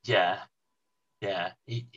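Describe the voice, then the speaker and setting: A man co-hosting a casual film podcast, talking with hesitant pauses. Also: low voice, steady tone, fairly bright tone, slightly rough, muffled recording. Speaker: podcast co-host. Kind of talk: casual chat.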